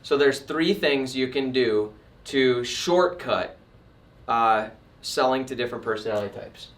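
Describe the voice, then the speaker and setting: A sales trainer who owns a painting business teaches casually at a slightly slow pace in a medium-pitched voice. He is emphatic and lively, acting out customer types as he walks through examples. The sound is reverberant, with his voice a bit distant from the mic.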